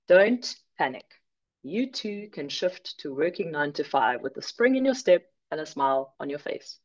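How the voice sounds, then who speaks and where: A woman from South Africa presenting an online workshop, clear and measured with light humor. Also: sits low, highs cut off.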